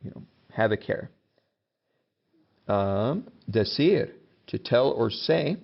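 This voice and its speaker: A man's voice: mid-range voice, animated, takes it slowly, gravelly, lo-fi sound. A male teacher giving a casual, joking lesson, acting out example commands as he goes.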